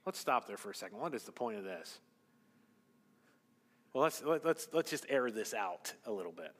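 A man preaching a sermon as pastor, swinging between loud emphasis and hushed asides. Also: on the low side, sing-song, moderate pace. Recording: long hall reverb.

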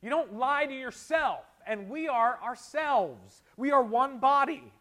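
Middle-aged male pastor, high voice, conversational sermon with punchy exhortations. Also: unhurried. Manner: conversational preaching, swinging between quiet asides and forceful exhortations.

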